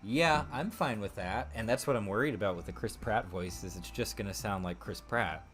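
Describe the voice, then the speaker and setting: A man with a fairly low voice hosting a relaxed live stream. He rambles and thinks out loud, with plenty of ums and small laughs as he goes. Faint guitar music plays quietly behind him. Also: normal speed. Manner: rambling and chatty, laughs often, thinks aloud with many fillers. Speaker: streamer host. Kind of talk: casual live-stream chat.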